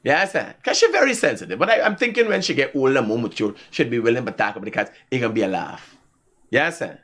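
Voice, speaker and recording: A man's voice: mid-range voice, quick pace. A man with a Guyanese accent hosting a live talk show, telling stories casually and laughing often. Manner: animated storytelling with frequent laughter.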